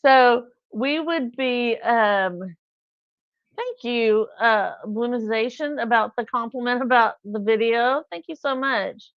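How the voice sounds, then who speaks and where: A woman's voice: a little high, takes it slowly, no echo. A middle-aged woman chatting on a livestream, telling anecdotes and acting out the people in them. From California. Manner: chatty storytelling, acts out voices in anecdotes. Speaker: livestream host. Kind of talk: casual chat. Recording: dull lo-fi livestream sound.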